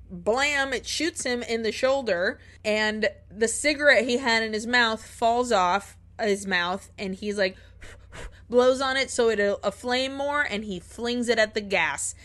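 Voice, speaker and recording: A woman co-hosting a podcast, retelling a film's plot in a lively, casual way, acting out the characters' lines and swearing freely. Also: a little high. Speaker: podcast co-host. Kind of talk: casual film recap chat.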